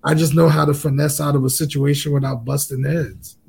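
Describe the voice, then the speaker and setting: Gravelly husky guy on a chat show, laid back, easygoing. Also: fairly high pitch, little pitch movement, fairly quick, darkish tone. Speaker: guest. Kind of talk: casual chat.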